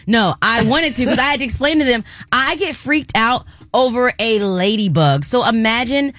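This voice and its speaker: A woman co-hosting a radio show, telling a story in animated, casual chat with sudden jumps into high squeals. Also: moderate pace, few pauses, dry recording. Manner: animated storyteller, jumps into loud squeals when retelling panic.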